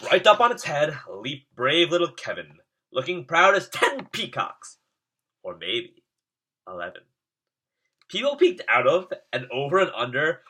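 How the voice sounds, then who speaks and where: A man reading a rhyming storybook aloud in a lively, sing-song way. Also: a little high, unhurried, breathy edge. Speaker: storybook reader.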